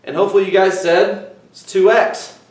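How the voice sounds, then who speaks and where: A man teaching a calculus lesson, walking his students through each step and checking in with them often. His voice sits a bit high for a man. It sounds distant from the microphone, in a room with a noticeable echo. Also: flat delivery, normal speed. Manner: explains step by step, often saying "okay" and "guys". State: voice cracking a little. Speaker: math teacher. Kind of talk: classroom math lecture. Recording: echoey room, mic far off.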